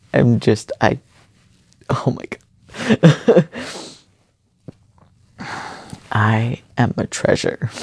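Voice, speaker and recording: A young man giving an earnest, halting personal monologue late at night. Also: on the low side, creaky, dark tone, no room sound.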